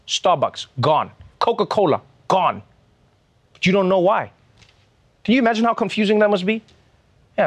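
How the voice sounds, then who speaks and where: A man hosting a late-night comedy show, delivering a scripted monologue with sarcastic, exasperated asides. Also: fairly high pitch.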